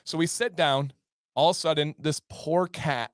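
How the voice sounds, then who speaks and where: A man's voice: a little high, normal speed, dry recording, clean studio sound. A man co-hosting a show, telling a story casually and acting out the people in it. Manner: animated, acts out voices in the story. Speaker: podcast co-host.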